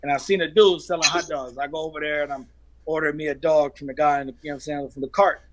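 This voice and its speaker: West coast dude on a podcast, slightly high voice, blunt, swears a lot, chill. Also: male voice, steady tone, fast talker, a bit bright. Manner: blunt, profane and laid-back. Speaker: guest battle rapper. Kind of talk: casual chat, storytelling.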